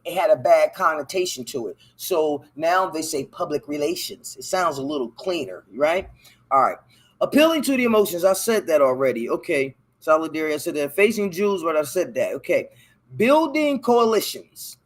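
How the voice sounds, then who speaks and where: A man with a slightly higher voice hosts a casual solo show. He reads a text aloud, stumbling over hard words. He keeps breaking off to talk back to it in loose, profane slang. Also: fairly bright tone. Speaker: podcast host.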